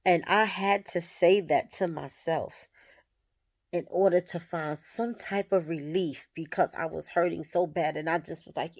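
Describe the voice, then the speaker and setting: Slow, low-pitched reflective woman. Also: steady tone, a little mellow. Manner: reflective and candid. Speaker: vlogger. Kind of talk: personal spiritual reflection.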